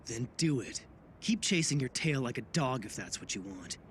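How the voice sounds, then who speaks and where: An actor voicing a calm young former office worker turned pirate in an anime dub, speaking in a cool, cutting way. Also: male voice, medium pitch, normal speed, noisy background, close to an everyday voice.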